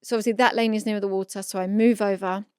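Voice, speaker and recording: A woman in her thirties, a podcast co-host, chatting casually and telling a story with animated reenactment. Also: mid-range voice, fast, clean tone, no room sound, studio quality. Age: 30s.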